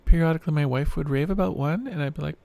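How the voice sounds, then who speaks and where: Gravelly, androgynous-voiced woman, tired and wry. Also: racing, mellow. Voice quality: voice still reads as mostly male, low and androgynous. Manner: rambling, reflective, wry and self-deprecating. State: tired, late at night. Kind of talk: casual video diary.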